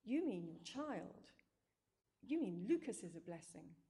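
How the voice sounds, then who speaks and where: A woman reading a storybook, voicing a tired, apologetic young mother who speaks softly. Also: mid-range voice, very animated, measured pace, breathy edge, full character voice. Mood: weary.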